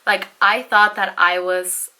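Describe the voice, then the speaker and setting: A young woman telling a storytime vlog in a chatty, animated way, full of "like" and "you know", and swearing freely. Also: mid-range voice, slow pace. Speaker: vlogger.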